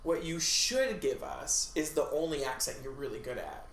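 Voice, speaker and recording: A man's voice: mid-range voice, animated, normal speed, vocal fry, a bit bright. A man co-hosting a podcast, chatting casually with campy, teasing, profane banter. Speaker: podcast co-host. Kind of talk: casual chat. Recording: echoey room with faint hiss.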